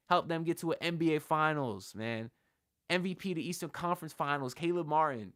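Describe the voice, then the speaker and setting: A man's voice: on the high side, a little fast, fairly bright tone, clear, resonant tone, no room sound, clean studio sound. A man hosting a sports livestream, talking in a loose, slangy, hyped way and speaking to his chat. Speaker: host of a sports channel livestream. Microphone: shotgun mic on camera.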